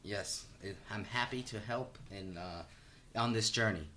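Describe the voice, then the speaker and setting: A man's voice: on the low side, measured pace, bright, forceful tone. A man guesting on a comedy podcast as an improviser, earnest and hesitant, with frequent fillers. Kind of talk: casual comedy podcast chat.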